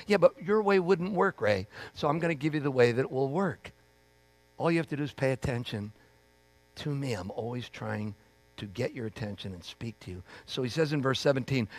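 A man's voice: a little high, animated, normal speed, dry recording. A man preaching a sermon as pastor, in a conversational way, acting out the voices of people he quotes.

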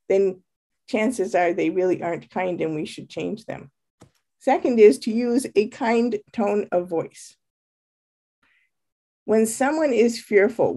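Female leadership coach, mellow voice, earnest and emphatic, giving a spoken lesson. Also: a little high. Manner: earnest, emphatic, laughs lightly between points.

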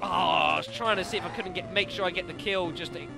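A man commentating a video game, excitable and self-mocking, yelling at the enemies. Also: high voice, fast talker, creaky. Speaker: let's play commentator. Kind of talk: gaming commentary. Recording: game music behind the voice.

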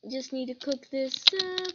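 A woman's voice: a little high, heavy background noise. A woman giving casual gameplay commentary, humming little sing-song tunes as she plays. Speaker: gamer. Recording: lo-fi with loud keyboard typing.

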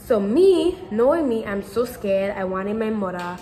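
A woman's voice: mid-range voice, sing-song, a little slow, dark tone, faint music behind, rough recording. A teenage girl telling a personal story to camera in casual chat, rambling and repeating herself with lots of fillers. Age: teens. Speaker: vlogger.

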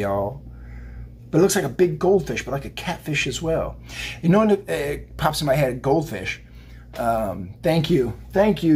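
A man's voice: fairly high pitch, a little mellow, breathy edge. A man giving a casual spiritual tarot reading to camera. He rambles and speaks straight to his viewers. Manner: rambling, chatty, addresses viewers directly. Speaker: tarot card reader.

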